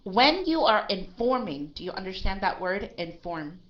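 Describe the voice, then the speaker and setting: A woman's voice: medium pitch, very animated, normal speed, muffled recording. Emphatic woman teaching English. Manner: emphatic, keeps checking with "right?". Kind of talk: one-on-one language lesson.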